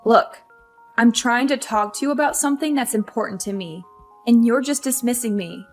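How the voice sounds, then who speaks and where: A woman's voice: a little high, moderate pace, lightly acted. Woman voicing an upset young wife. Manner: upset, complaining. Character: frustrated young career wife. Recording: faint music behind.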